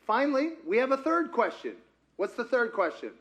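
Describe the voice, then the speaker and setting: A pastor delivers a sermon in a fairly high voice for a man. He talks in a loose, animated way, stopping often to put questions to the congregation. He is speaking in a church. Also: moderate pace. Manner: asks the congregation frequent questions; conversational and animated. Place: church sanctuary.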